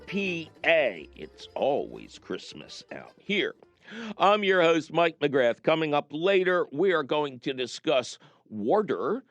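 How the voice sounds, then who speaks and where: A middle-aged man hosts a call-in radio show in a lively, joking way. His pitch swings widely and sits a bit high, and the voice is close and dry with soft music underneath. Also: no room sound. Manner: lively, jokey storyteller. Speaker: radio garden show host.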